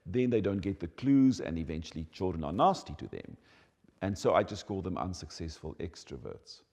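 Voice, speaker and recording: Male educator, deep warm tone, expressive teaching delivery, reverberant hall. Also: moderate pace. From South Africa. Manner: animated, emphatic teaching delivery. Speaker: educator on child development. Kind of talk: explanatory talk.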